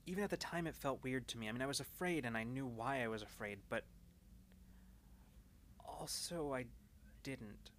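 A man voicing an anxious young woman co-pilot who speaks quietly, haltingly and apologetically. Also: medium pitch, a little hiss or hum, natural voice. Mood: uneasy.

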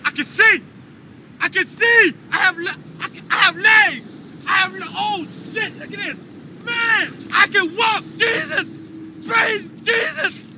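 An actor playing a street con man who fakes being a blind, legless veteran, boasting fast and rambling, in a film clip with street noise. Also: extremely high pitch, animated, heavily acted. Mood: ecstatic.

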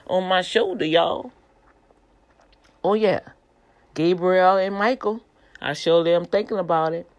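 A middle-aged woman preaching informally, telling a lively testimony with quoted dialogue in a manner. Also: lowish voice. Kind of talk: informal sermon to an online audience.

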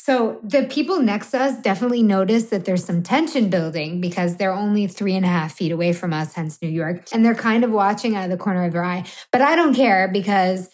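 A woman in her thirties tells a story on a podcast she co-hosts. She is blunt and explicit and pokes fun at herself. Her pitch sits in the middle range. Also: a little fast, hardly any pauses, a little mellow. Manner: blunt, explicit, self-mocking. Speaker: podcast co-host. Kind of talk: candid comedic storytelling.

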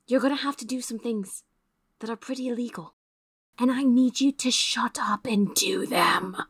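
A woman voicing a blunt, weary female ship captain who makes dry, deadpan threats in a tabletop game. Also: a little high, fairly quick, slightly rough. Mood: commanding. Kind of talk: in-character tabletop play.

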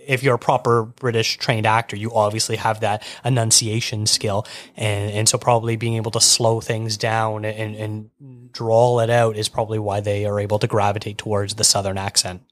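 A man's voice: fairly low pitch, flat delivery, normal speed, no echo. A man hosting a podcast who thinks aloud with many restarts and laughs easily. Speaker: podcast host. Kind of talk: casual podcast discussion.

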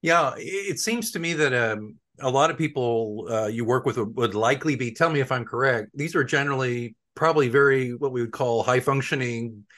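A man's voice: medium pitch, fairly bright tone. A middle-aged man hosting an interview podcast, chatty and joking with an old friend. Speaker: podcast host. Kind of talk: casual interview chat.

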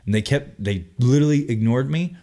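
A young man telling a long story on a casual podcast, animated and full of swearing. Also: mid-range voice, fairly quick. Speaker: podcast host.

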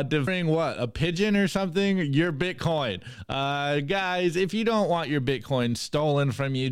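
Hype male podcast host, smooth and dry. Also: fairly high pitch, dry recording. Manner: energetic, hype, reads memes aloud. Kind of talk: meme review segment on a podcast.

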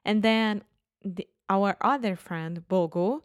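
A Brazilian woman co-hosting a podcast, speaking English with a Brazilian Portuguese accent. She tells stories at an unhurried pace and laughs freely. Her voice is recorded close and dry. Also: medium pitch, no room sound. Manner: animated storytelling with acted quotes and laughter. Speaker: podcast co-host. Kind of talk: casual chat.

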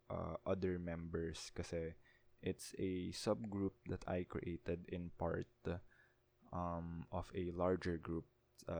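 A young man from the Philippines, hosting a casual solo podcast in a candid, halting way. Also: low-pitched, vocal fry, a little mellow. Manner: candid, halting, switching between English and Tagalog. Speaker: podcast host.

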